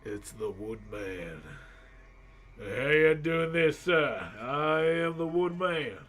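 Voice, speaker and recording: A man putting on the voice of a jokey gruff man called the Woodman, greeting people with mock-formal hamminess. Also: on the high side, expressive, slow, fairly bright tone, exaggerated voice. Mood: hammy.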